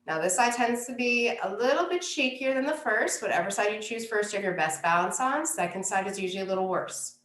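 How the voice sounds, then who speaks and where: Calm woman guiding a yoga class. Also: mid-range voice, reverberant. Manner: calm, unhurried cueing of poses and breaths. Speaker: yoga instructor. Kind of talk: guided yoga class instruction.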